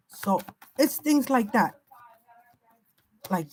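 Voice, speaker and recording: A woman's voice: on the high side, moderate pace, rough recording. An older woman giving an unscripted spiritual reading, emphatic and warning, piling up repeated phrases. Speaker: spiritual reader.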